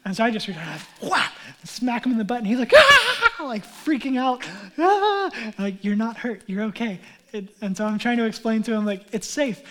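Male pastor, thirties, casual storytelling sermon that swells into sincere emphasis. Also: sits high. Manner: conversational storytelling, building to earnest emphasis; drops to a hushed near-whisper on key lines.

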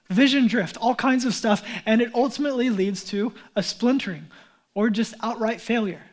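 Chatty pastor preaching a relaxed sermon. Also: male voice, high voice. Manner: relaxed and chatty, with frequent fillers and restarts; addresses the congregation as beloved. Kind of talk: conversational sermon.

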